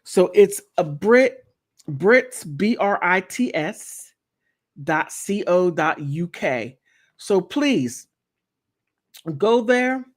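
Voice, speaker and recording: A woman's voice: fairly low pitch, sing-song, drawn-out words, long pauses. A woman hosting her own channel, talking casually while she browses online, thinking aloud with many restarts. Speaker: channel host.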